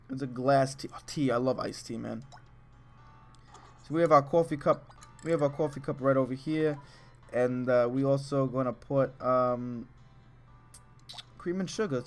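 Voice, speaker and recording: A man giving casual, excitable, rambling commentary over a video game, full of chatty asides. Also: mid-range voice. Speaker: let's play host.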